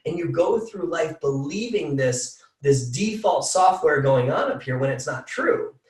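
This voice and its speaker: Energetic male motivational coach, higher voice, echoey and slightly distant. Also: unhurried. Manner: energetic, repeats phrases for emphasis. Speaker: team call speaker.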